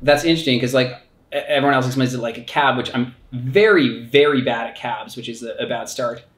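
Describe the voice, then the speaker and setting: A man's voice: medium pitch, a little fast, a bit bright, roomy sound. A man co-hosting a casual podcast chat, joking and rambling with skater slang. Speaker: podcast co-host.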